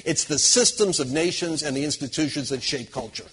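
A man preaching to a live audience, telling lively anecdotes, acting out quoted people and chuckling as he goes. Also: fairly high pitch, brisk, a little hiss or hum. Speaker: Christian conference speaker. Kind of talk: storytelling sermon to a live audience.

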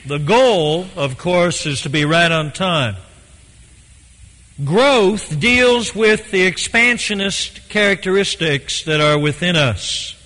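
Male preacher, bright, forceful, slightly high voice, delivering an emphatic sermon in a hall with long reverb. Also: lively intonation. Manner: earnest, emphatic, with slow deliberate stresses.

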